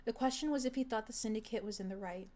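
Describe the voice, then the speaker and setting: A woman's voice: a little high, fast talker, a little mellow. Woman reading a story aloud. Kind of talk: reading fan fiction aloud.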